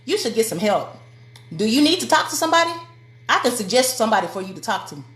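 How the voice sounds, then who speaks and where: A woman acting out a toxic friend who deflects concern with quick, mocking questions. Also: a little high, sing-song, fairly bright tone. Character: dismissive toxic friend turning concern back. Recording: echoey room.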